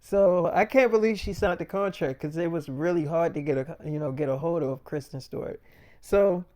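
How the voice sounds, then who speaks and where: A man tells a story in a loose, rambling monologue, swearing freely and circling back with fillers. His voice sits a little high and sounds smooth and clear. He says he feels lightheaded. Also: normal speed, darkish tone. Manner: loose, profane, repetitive storytelling with many fillers. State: feeling lightheaded.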